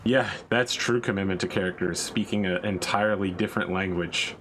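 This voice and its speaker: A man's voice: low-pitched, fairly quick, fairly bright tone, a little hiss or hum, low-quality recording. A man hosting a game stream, chatting casually in a joking, rambling way. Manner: joking, rambling banter with restarts. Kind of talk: casual gaming chat.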